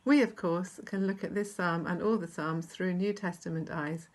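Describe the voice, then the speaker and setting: A woman with a British accent giving a measured, reflective devotional talk and reading scripture aloud. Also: lowish voice, steady tone. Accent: British English. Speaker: church speaker.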